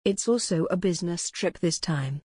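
A woman voicing a brisk male talent manager in an audiobook, speaking in a businesslike, matter-of-fact way. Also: fairly low pitch, animated, mellow, breathy edge, dry recording.

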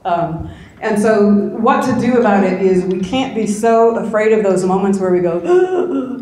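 A woman's voice: mid-range voice, animated, unhurried, warm tone. Chatty woman speaker in an echoey hall. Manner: conversational, with frequent tag questions. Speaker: conference speaker. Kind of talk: conference talk. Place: conference room. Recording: very echoey conference room.

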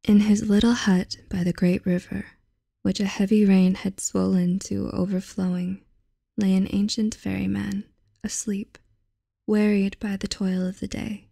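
A young woman reads a fairy tale aloud, soft and unhurried, often slipping into a half-whisper. Her voice is mellow and low with a gravelly, fry-tinged edge. It is recorded close and dry. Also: little pitch movement, dry recording. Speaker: channel host reading aloud.

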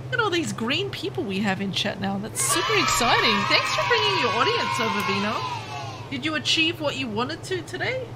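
Lively high-voiced woman streamer, gushing. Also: fairly quick, very noisy. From Southern Hemisphere. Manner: chatty, greets chat by name with bursts of excitement. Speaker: game streamer. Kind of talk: live gameplay commentary.

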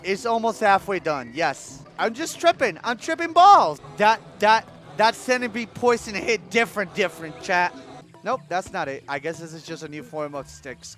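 Man, gaming streamer, very high voice, lively swooping pitch, excitable, profane, yelps at the game. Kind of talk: profane live game commentary.

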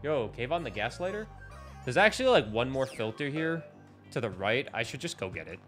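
A man streaming a video game live, talking in a loud, ranting manner that can sound angry, with bursts of near-shouting. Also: medium pitch, fairly quick, soft background music. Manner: loud, animated, ranting and complaining. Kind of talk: casual live-stream commentary while playing.

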